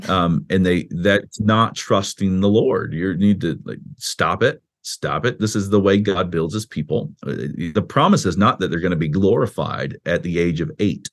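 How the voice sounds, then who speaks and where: A man's voice: low-pitched, moderate pace, hardly any pauses, breathy edge. A man, a pastor and author, explaining his views in a podcast interview in a conversational way, often restarting and acting out quotes in a raised voice. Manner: animated, acts out quoted speech with a raised voice; conversational with frequent restarts and "you know".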